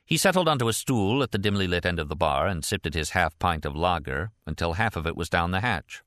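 A low-voiced man narrates a novel as an audiobook, telling the story in a measured, even manner. It's a studio-quality recording with no room sound.

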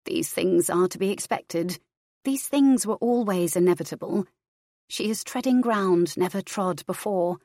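A woman reading a novel aloud in a measured, even voice. Her tone sits low, and the recording is close and dry. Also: dry recording. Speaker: narrator. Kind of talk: audiobook fiction reading.

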